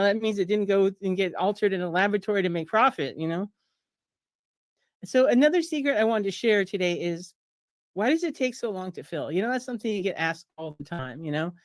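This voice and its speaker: Woman, 50s, mid-pitched pharmacist speaker: casual, wry, sarcastic, acts out quotes, dry close mic. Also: animated, a little fast, dry recording. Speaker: pharmacist and author giving a slide talk. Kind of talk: casual presentation over slides at a streamed fundraiser.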